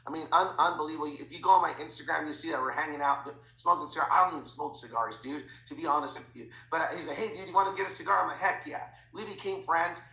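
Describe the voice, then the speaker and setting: A man talking as a guest in an interview, telling stories in an animated way and acting out the dialogue. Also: fairly high pitch, quick pace, creaky, few pauses, roomy sound, poor audio. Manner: animated, acts out quoted dialogue. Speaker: podcast guest, financial educator. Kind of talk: energetic storytelling interview.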